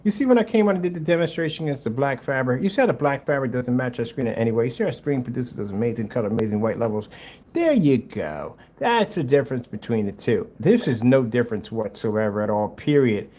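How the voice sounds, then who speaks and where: A man reacting to a rival's screen paint video with mocking, exasperated commentary, swinging between loud outbursts and low muttering. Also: big pitch swings, fast talker, a little hiss or hum.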